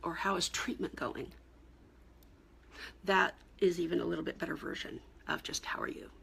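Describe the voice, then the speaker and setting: A middle-aged woman, a cancer coach, giving blunt, exasperated advice straight to camera in a husky, gravelly voice. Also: lowish voice, normal speed, fairly bright tone, a little hiss or hum. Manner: blunt, exasperated, emphatic with rising outbursts. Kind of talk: direct-to-camera advice talk.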